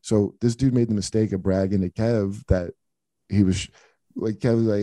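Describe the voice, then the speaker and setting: Very dark-voiced man telling rambling stories. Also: fairly low pitch, moderate pace, no echo. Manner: profane, rambling anecdotes with many restarts. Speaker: comedian podcast host. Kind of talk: casual storytelling chat.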